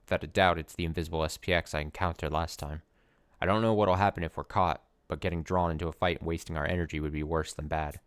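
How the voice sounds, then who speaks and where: Deep-voiced man reading game text. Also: steady tone, quick pace, clean tone, no echo. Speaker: let's play narrator.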